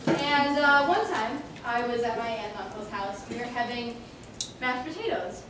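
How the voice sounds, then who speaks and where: A woman's voice: on the high side, moderate pace, noisy background. A young woman performer telling a chatty, self-mocking comic story on stage. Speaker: improv performer. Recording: echoey room, far mic, audience laughter.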